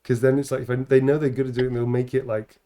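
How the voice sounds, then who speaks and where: Male stream co-host, mid-pitched, rambling and jokey with casual swearing. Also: flat delivery, fast, dark tone. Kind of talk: casual live-stream chat.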